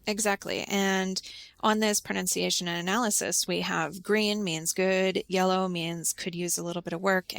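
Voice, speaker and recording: A woman hosts a relaxed podcast conversation, asking guiding questions and explaining points patiently. Her voice carries a touch of vocal fry. The sound is close and dry, with no room around it. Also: on the low side, dry recording. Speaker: podcast host and English teacher.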